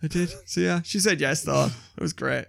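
A young man, an animated storyteller who swears freely in casual chat. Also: a little high, normal speed, gravelly, dry recording, clean studio sound. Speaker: podcast co-host.

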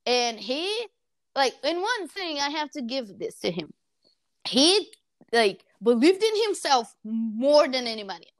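A woman's voice: high-pitched, unhurried, dry recording, studio quality. A woman in casual chat, telling a story with lots of laughter and acted-out quotes. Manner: animated storytelling, laughing often, acting out quotes.

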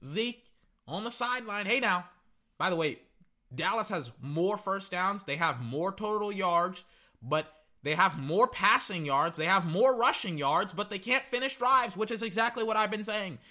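Brief: man, fan commentator, high lively voice, sharp bright tone, rambling live game reactions. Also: moderate pace. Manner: excitable, rambling, repeats words.

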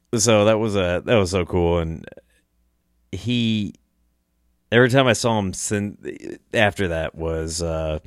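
Speaking in a lowish voice, a man hosting a podcast spins a casual, rambling story with chuckles, false starts, and some swearing. It's a dry, studio-quality recording.

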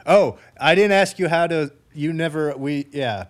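A man's voice: on the high side, unhurried. A man from the Midwest co-hosting a podcast, chatting casually, laughing often and correcting himself as he goes. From American Midwest. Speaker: podcast co-host. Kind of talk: casual chat.

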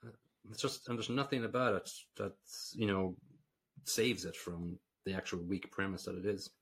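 Deep-voiced Irish man, blunt film talk. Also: steady tone, moderate pace, husky. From Ireland. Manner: blunt, dismissive, rambling recaps. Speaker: podcast co-host. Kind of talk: casual film review chat.

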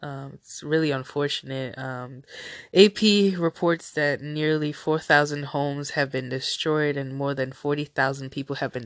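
A woman's voice: deep voice, dry recording, studio quality. A woman with a nasal, stuffy voice, hosting a casual solo news podcast in a rambling, chatty way with many fillers. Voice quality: nasal from a cold. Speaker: podcast host.

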